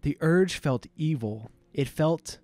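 A man's voice: fairly high pitch, lively intonation, takes it slowly, a little mellow, no room sound. Dry-voiced man reading aloud mockingly. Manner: mock-dramatic, laughing while reading. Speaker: podcast co-host.

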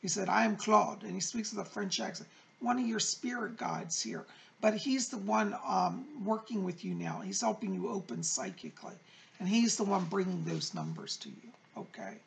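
A middle-aged man hosting a psychic advice show, reading viewer letters aloud and answering them in a gentle, reassuring, chatty way. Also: high-pitched, big pitch swings, normal speed, creaky. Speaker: psychic medium host.

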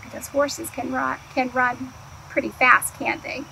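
A woman's voice: high voice, background noise. A woman, an early childhood educator, reading a picture book aloud to young children, asking them questions and answering them herself. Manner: animated, asks the kids questions and answers them; slow, clear storytime delivery.

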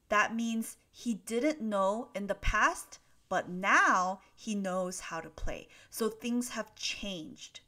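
Seated at her desk with a laptop, a female English teacher takes viewer questions during a live stream, reading them off the screen and explaining patiently with lots of filler words. Her voice is fairly high and expressive, pushed and bright, and she takes her time.

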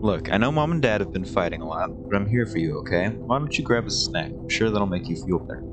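A man voicing a protective older sibling in a game, speaking gently and reassuringly. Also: on the low side, lively intonation, fast talker, over music, lightly acted.

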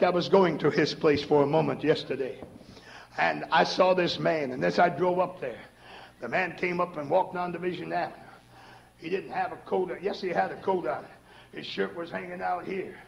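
A middle-aged man preaching a fervent sermon in a church, swinging between shouted lines and low, quiet asides. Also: vocal fry, muffled recording. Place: church sanctuary. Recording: echoey 1970s church recording.

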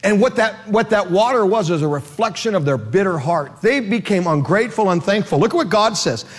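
A middle-aged male pastor preaching a lively sermon with comic stories, acting out voices and shouting in bursts. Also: sits high, a little fast.

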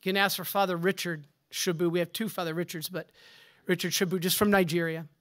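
A Catholic priest gives a conference talk, preaching emphatically and posing rhetorical questions as he swings between forceful declarations and hushed asides. His voice is high, and he speaks fast with a flat delivery.

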